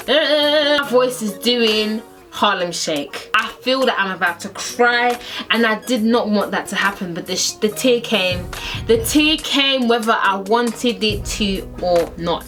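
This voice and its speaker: Animated young woman telling a story. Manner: animated, acts out quotes with big pitch swings. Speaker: storyteller vlogger. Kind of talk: casual story time.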